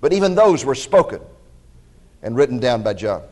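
A man preaching a sermon, telling scripture stories in an animated way and acting out the quotes, and directing listeners to passages. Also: medium pitch, moderate pace. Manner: animated storytelling with dramatized quotes.

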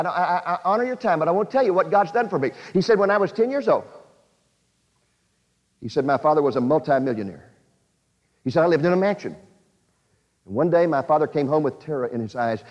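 A man's voice: a little high, a little mellow. A man preaching a sermon and retelling a testimony with earnest emotional swells. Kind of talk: sermon storytelling. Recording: dull lo-fi audio in a reverberant hall.

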